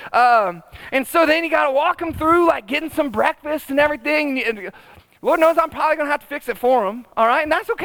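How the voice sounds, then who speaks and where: Middle-aged male pastor, high bright voice, dry close sound, chatty and humorous preaching. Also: lively intonation, fairly quick, no room sound. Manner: conversational, tag questions, humorous asides. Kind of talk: sermon.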